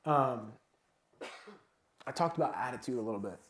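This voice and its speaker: A man giving a casual, energetic motivational talk at a sales summit, full of filler words like "like" and "man". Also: medium pitch, normal speed, a little hiss or hum. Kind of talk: motivational talk to a live audience. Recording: echoey event room.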